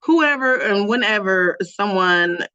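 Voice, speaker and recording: A woman's voice: mid-range voice, animated, slow pace, sharp tone, smooth, dry recording. Brash woman guest who laughs and swears a lot, dry dull lo-fi sound. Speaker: guest co-host. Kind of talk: casual gossip chat.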